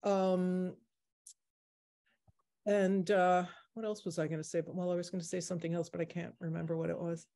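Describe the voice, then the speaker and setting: A woman's voice: lowish voice, level tone, normal speed, mellow. Chatty woman in her sixties. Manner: chatty, rambling with many fillers. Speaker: artist presenting her exhibition. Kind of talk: casual Q&A discussion.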